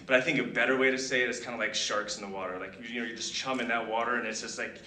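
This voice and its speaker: A middle-aged man speaks at his own retirement ceremony, thanking people in a halting, emotional way with lots of ums and restarts. His voice stays fairly flat in pitch and comes from some distance off the mic. A big echoey hall and steady background noise surround him. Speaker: retiring senior master sergeant giving a speech.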